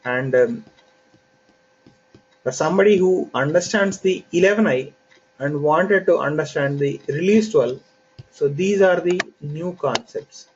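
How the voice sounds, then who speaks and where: A man with a fairly high voice gives an online training lecture. He walks through each concept patiently, pausing often with fillers. The recording is dull and lo-fi, with a faint hiss underneath. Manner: unhurried, explains step by step with fillers. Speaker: software trainer.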